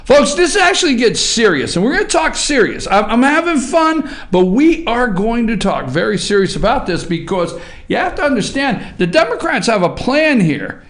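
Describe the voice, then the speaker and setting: A man hosting a political opinion talk show, loud and jokey, now and then breaking into song. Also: very high-pitched, big pitch swings, moderate pace.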